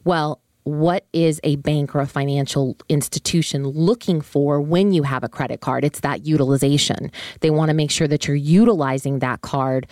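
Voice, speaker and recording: A woman's voice: sits low, steady tone, moderate pace, hardly any pauses, darkish tone, no echo, studio quality. A woman hosting a solo finance podcast, explaining credit casually and conversationally with frequent fillers and asides. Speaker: podcast host on personal finance.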